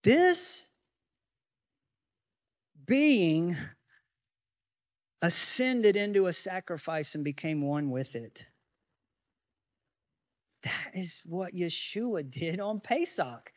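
A man's voice: high voice, big pitch swings, very slow, pauses often, no room sound, clean studio sound. A male pastor preaching a sermon, teaching from scripture with many rhetorical questions to the congregation.

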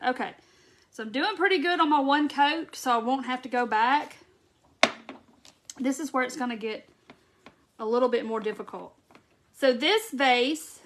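A woman hosting a casual crafting livestream, chatting to viewers by name as she paints. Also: high voice. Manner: chatty, drawn-out Southern "y'all" talk, greets viewers by name. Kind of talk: casual live crafting chat. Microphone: phone or camera mic on a livestream.

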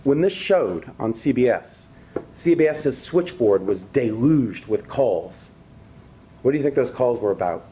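A man's voice: medium pitch, lively intonation, unhurried, mellow, a little hiss or hum. A man giving a university lecture, reading a prepared text and breaking off with conversational asides to the audience. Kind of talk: academic public lecture.

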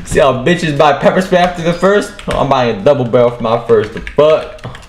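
A young man giving rowdy, profane commentary over his own gameplay, excitable and quick to burst into shouting. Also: medium pitch, slight background noise. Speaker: gaming video creator. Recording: echoey room with keyboard clatter. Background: keyboard clicks and typing.

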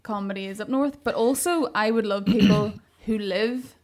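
A woman's voice: medium pitch, moderate pace, a little mellow. A woman co-hosting a comedy podcast, speaking earnestly in casual chat. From Northern Ireland. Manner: earnest, supportive, talks over her co-host. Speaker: podcast co-host.

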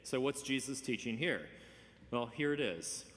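A man's voice: mid-range voice, animated, unhurried. Man preaching in a reverberant church. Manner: conversational preaching with gentle humor and emphatic stresses. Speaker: pastor. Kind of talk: sermon. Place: church sanctuary.

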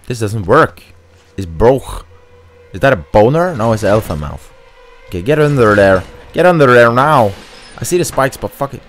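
A man giving profane let's-play commentary as he plays, trash-talking enemies with loud outbursts. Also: mid-range voice, big pitch swings, normal speed. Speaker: gamer streamer.

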